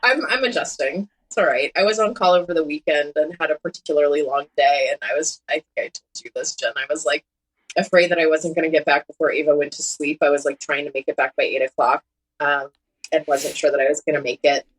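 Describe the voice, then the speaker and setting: Thirties woman guest with a low voice; frank, joking, easygoing conversation. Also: quick pace, breathy edge, low-quality recording. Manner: candid and self-mocking, laughs as she talks. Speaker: surgeon, podcast guest. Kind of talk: casual conversation.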